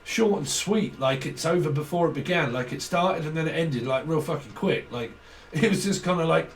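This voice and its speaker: A man's voice: fairly high pitch, brisk, far from the mic. A man giving a casual channelled tarot reading, rambling, swearing often and laughing between thoughts. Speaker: tarot reader.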